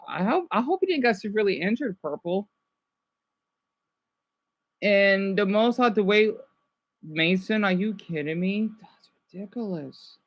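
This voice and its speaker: A woman with a fairly high voice chats casually as a streamer reacting to videos. She rambles, restarts her sentences and trails off mid-thought. The sound is dry and close. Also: a bit bright, no echo. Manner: chatty, trailing off and restarting, laughs easily.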